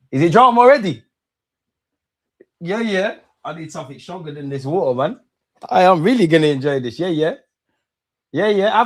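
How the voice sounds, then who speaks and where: Hosting a live football watch-along, a young man with a somewhat high voice chats in slang. He's animated and prone to sudden bursts of excitement.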